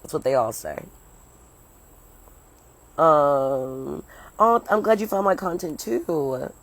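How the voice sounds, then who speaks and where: Speaking slowly in a deep voice with lively intonation, this young woman from the US, a comedian, livestreams a meandering story from home, partly outside. The phone is held at arm's length, the audio is poor, and she curses freely and pauses to talk with her viewers.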